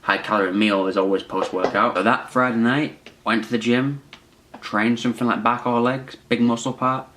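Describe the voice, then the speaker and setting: A man's voice: medium pitch, fairly even intonation, normal speed, a bit bright. A young man in his twenties telling a personal story in a chatty, rambling, self-mocking way. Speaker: vlogger. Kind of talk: casual storytelling to camera.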